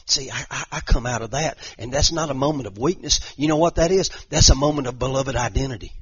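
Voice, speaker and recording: A man's voice: mid-range voice, fast talker, few pauses, slightly rough. A middle-aged male pastor preaching a sermon, conversational with restarts and repeated words, building to impassioned, emphatic repetition. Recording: dull lo-fi recording.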